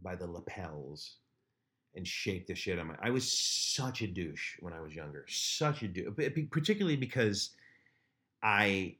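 Low-voiced man, crude candid podcast chat. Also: big pitch swings, normal speed, sharp tone. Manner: crude joking, candid confessional. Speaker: podcast co-host. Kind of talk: casual chat.

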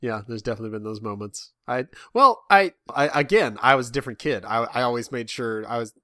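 A man's voice: medium pitch, lively intonation, fast talker, pushed and bright, dry recording, studio quality. A man in his thirties chatting casually as a podcast co-host, rambling with lots of restarts and self-mocking asides. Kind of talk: casual chat.

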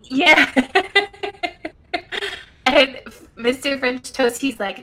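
A woman's voice: sits high, takes it slowly, pauses often, a bit bright, poor audio. A middle-aged woman guest on a podcast, chatting casually in a brash, profane, giggly way. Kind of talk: casual chat.

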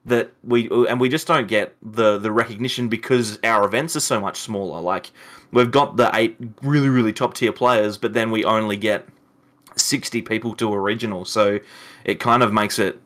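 A man's voice: on the low side, fairly even intonation, moderate pace, fairly bright tone. A man with an Australian accent who runs a card game channel, chatting casually on a podcast, rambling and often laughing. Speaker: YouTube channel host, card game player.

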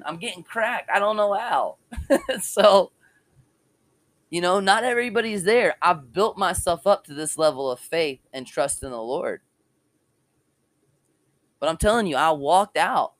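High-pitched man preaching with passion. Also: fairly bright tone, no room sound. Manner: passionate testimony with casual slang. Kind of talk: informal online sermon.

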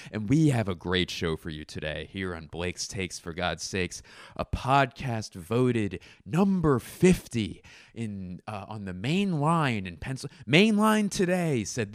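A man's voice: fairly low pitch, big pitch swings, moderate pace, no room sound, studio quality. Goofy man laughing at his own jokes. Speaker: guest host. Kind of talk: improvised comedy podcast monologue.

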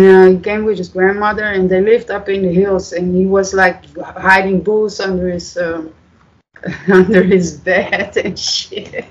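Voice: medium pitch, lo-fi sound. Rambling interview guest. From Netherlands. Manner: rambling, halting, many fillers, swears freely. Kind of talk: casual storytelling.

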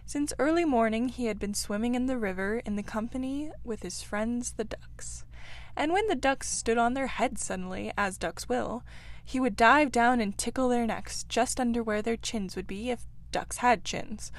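A woman reads a classic children's story aloud. Her delivery is gentle and measured, in a voice pitched slightly high. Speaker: audiobook reader. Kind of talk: storybook narration.

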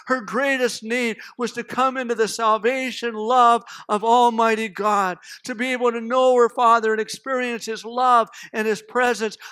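A man with a notably high voice preaching a sermon. He tells the story dramatically, dropping to a hush and then rising to loud emphasis, and acts out the voices in the tale. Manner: dramatic storytelling, acting out voices, swings between loud and hushed. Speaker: pastor.

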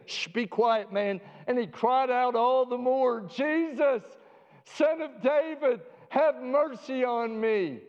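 A man preaching a sermon with a dramatic, emphatic delivery, slowing down to stress key phrases. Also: high-pitched, darkish tone. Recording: dull audio with long hall reverb.

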